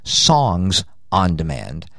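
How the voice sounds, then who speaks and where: A man's voice: low-pitched, huge pitch swings, drawn-out words, gravelly, sharp tone, no echo, studio quality. Rambling jokey older male radio host. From United States. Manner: rambling, jokey, riffs on lists. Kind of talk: rambling promo read.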